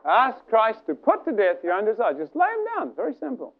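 A man preaching a sermon in an animated, dramatic way, acting out little scenes with the people in front of him. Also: high voice, brisk. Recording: tinny phone-like archive recording.

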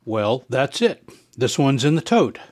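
Male podcast host reading a plain outro, mid pitch, dead dry room. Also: sing-song, a little slow, darkish tone, no room sound. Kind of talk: scripted outro.

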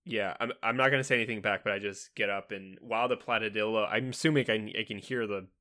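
A man at a tabletop game speaks plainly, with a touch of hesitation. His voice is low and has a sharp, bright edge. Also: steady tone, fast talker. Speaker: player. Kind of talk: casual tabletop play.

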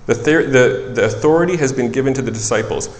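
A man preaching a sermon in a relaxed, conversational way, who often corrects himself and tells stories from his work as a child psychologist. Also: medium pitch, quick pace. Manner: conversational, self-correcting, animated storytelling. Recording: echoey hall with long reverb.

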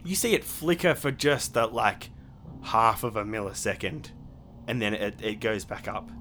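A man's voice: fairly low pitch, normal speed, sharp tone, a little hiss or hum. A man narrating as game master of a tabletop game, rambling with many fillers and restarts.

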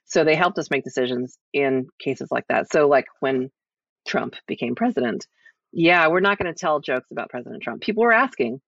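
An American man being interviewed, talking casually and lively, often restarting his sentences. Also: mid-range voice, a little fast, vocal fry, dry recording. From United States. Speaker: guest. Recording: slightly dull lo-fi sound.

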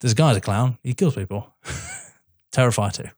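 A man co-hosting a casual film podcast, talking about a horror movie with emphatic, excitable delivery. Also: normal speed. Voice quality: animated, emphatic, rising pitch when excited. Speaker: podcast co-host. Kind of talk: casual film review chat.

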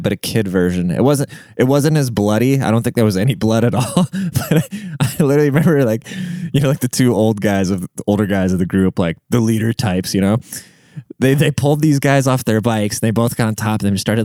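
A man's voice: fairly low pitch, a little fast, warm tone, no room sound, clean studio sound. A young man who grew up in Germany, casually telling a rambling, profane childhood story and laughing often. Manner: rambling, profane, laughs through his stories.

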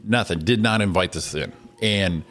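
A man co-hosting a casual morning show, telling stories with profanity, self-deprecating jokes and quick impressions. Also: deep voice, a bit bright, faint music behind. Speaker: co-host.

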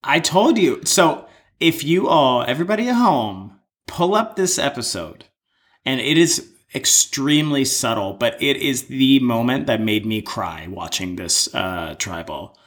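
A man's voice: medium pitch, animated, measured pace, fairly bright tone. A man co-hosting a podcast, chatting casually and emphatically about a show episode, swearing now and then. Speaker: podcast co-host. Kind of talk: casual recap chat.

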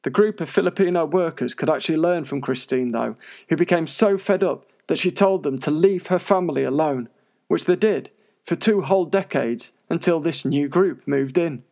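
Male presenter for scripted narration: wry and sarcastic, with a gravelly voice. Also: fairly high pitch, normal speed, darkish tone. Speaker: paranormal news presenter.

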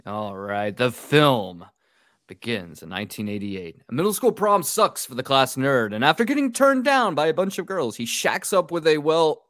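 A man's voice: medium pitch, unhurried, no room sound, clean studio sound. A man hosting a podcast, recapping a horror film with sarcastic, profane asides. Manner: sarcastic, profane, animated quoting. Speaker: podcast host.

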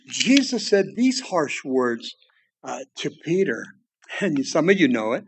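A man preaching a sermon, swinging between loud exclamations and hushed, quiet passages. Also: on the high side, big pitch swings, takes it slowly, breathy edge. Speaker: pastor.

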